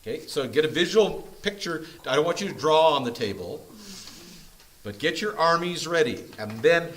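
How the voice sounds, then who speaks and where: A man's voice: a little high, expressive, moderate pace, low-quality recording. A man leading a Bible study group, teaching from a map in a playful, joking way. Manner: jokey and playful, often laughing. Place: church meeting room.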